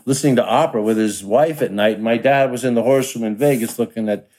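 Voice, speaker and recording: A man's voice: mid-range voice, fast, darkish tone. A man on a podcast panel giving frank, wry commentary in casual talk. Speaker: guest, son of an actor.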